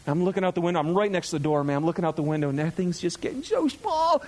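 A man in his thirties, a pastor, preaching in a chatty, animated storytelling way to his congregation. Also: high voice, racing.

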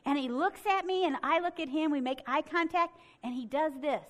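A middle-aged woman from Michigan preaching a sermon, telling a story in an animated way and acting out what people said. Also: sits high, moderate pace, a little hiss or hum. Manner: animated, acts out quotes with swings in loudness.

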